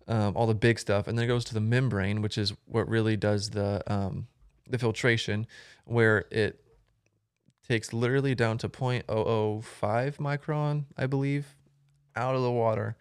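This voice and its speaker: A man's voice: lowish voice, clear, resonant tone, no echo, studio quality. A young man, a guest on a podcast, talking casually and rambling with many ums and restarts. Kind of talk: casual conversation.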